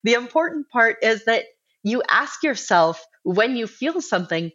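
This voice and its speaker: A woman speaking as an interview guest, explaining in a measured, earnest way. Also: fairly high pitch, sing-song, a bit bright. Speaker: guest, director of a civic organization. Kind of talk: interview conversation. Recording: dull lo-fi remote audio.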